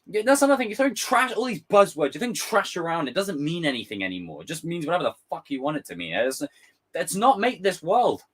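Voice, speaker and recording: A young man ranting casually on a live stream, swearing freely and slipping into quick impressions. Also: a little high, slightly rough. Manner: animated, swearing, jumps into impressions.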